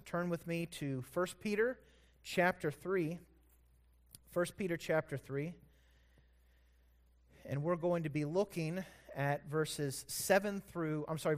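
A man with a high-pitched voice preaches a sermon in an easy, conversational manner. He stops to correct himself out loud, then pulls his listeners into a story whose intensity builds. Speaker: pastor.

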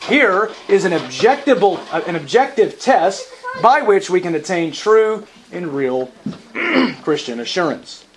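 High-voiced man preaching emphatically. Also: very animated, measured pace, slight background noise, poor audio. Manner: emphatic, repeats key phrases for stress; frequently clears throat. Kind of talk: sermon.

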